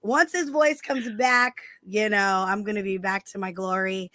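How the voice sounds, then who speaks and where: A woman hosting a podcast in casual chat, her voice hoarse as she gets over the flu, lively and quick to laugh. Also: medium pitch, no echo. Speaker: podcast host.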